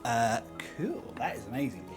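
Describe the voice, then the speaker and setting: A game master hosting a tabletop game, talking in a lively way and laughing often. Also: medium pitch, moderate pace, over music.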